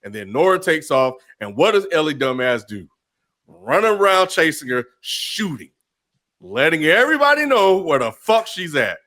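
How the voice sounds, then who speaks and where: A man co-hosting a podcast, talking bluntly and cussing freely. His pitch swings widely as he gets worked up. It is a casual recap chat, with frequent laughter. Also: normal speed. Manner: profane, blunt, animated, laughs often. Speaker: podcast co-host.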